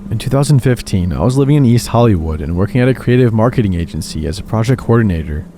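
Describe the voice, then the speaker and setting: A man calmly telling horror stories in steady scripted narration. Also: lowish voice, quick pace, slight background noise. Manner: calm, steady storytelling. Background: faint background music.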